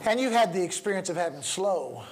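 A man's voice: sits high, animated, fairly quick, slight background noise. A middle-aged man, a pastor, teaching a preaching workshop, shifting his pace and volume to demonstrate and chuckling now and then.

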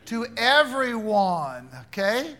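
A man's voice: very high-pitched, sing-song, slow pace, fairly bright tone. A man teaching an interactive Bible class, quizzing his students in a playful, teasing way.

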